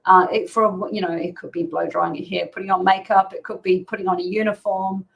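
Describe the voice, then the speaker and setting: A woman's voice: mid-range voice, little pitch movement, brisk, gravelly, muffled recording. A woman guest on a podcast, chatty and explanatory, with frequent fillers and laughs. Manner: chatty, frequent "you know" and "um", laughs often. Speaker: dog behaviour expert guest. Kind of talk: casual podcast interview.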